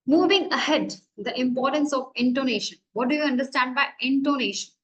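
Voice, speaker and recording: A woman's voice: high-pitched, brisk, highs cut off. A woman college lecturer with an Indian English accent, teaching grammar and asking and answering her own questions.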